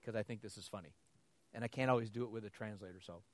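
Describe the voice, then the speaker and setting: A fast-talking man with a fairly low pitch is preaching. His sermon is built on animated stories, laughs, and dialogue where he performs both sides.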